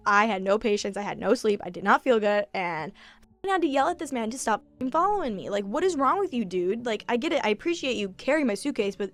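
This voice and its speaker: A young woman in her twenties telling an animated, profane travel story in a casual vlog. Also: on the high side, fast, no room sound. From United States. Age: 20s.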